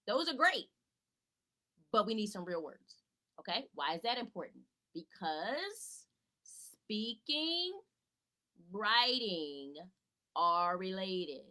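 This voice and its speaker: A woman educator who tutors talks to parents in a casual live teaching session from home, using a medium-pitched voice with a pushed, bright quality. She keeps things chatty, greeting viewers by name and raising rhetorical questions she then answers. The recording is low quality.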